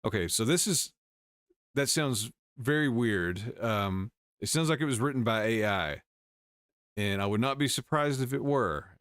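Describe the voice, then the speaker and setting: A man's voice: medium pitch, animated, a little slow, a bit bright, dry recording, clean studio sound. A male host casually reading and commenting on news stories, wry, with chuckling asides.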